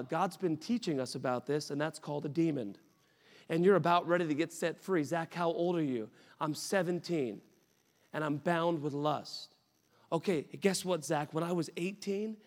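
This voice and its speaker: Young male pastor, high-pitched, energetic preacher voice, recorded in a reverberant sanctuary. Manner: animated, rising to shouts when excited. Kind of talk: sermon storytelling. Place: church sanctuary. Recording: reverberant church hall.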